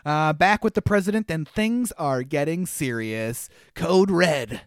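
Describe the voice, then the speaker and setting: A high-pitched man chats through a movie recap, amused and wry, laughing at the plot as he goes. His voice is close and dry, with no room sound around it. He talks in a loose, conversational way. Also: expressive, unhurried, clean tone, no room sound. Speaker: podcast co-host. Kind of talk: casual movie recap chat.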